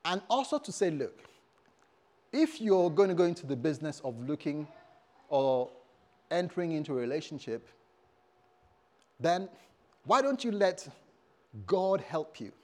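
A male pastor preaching a sermon in a church service, humorous and animated, calling out to the congregation. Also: a little high, measured pace, pauses often.

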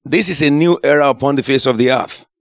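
Male preacher, animated storyteller, gravelly voice, dry close sound. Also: medium pitch, quick pace, no echo. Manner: animated storytelling, shouts and laughs at climaxes. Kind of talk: sermon testimony.

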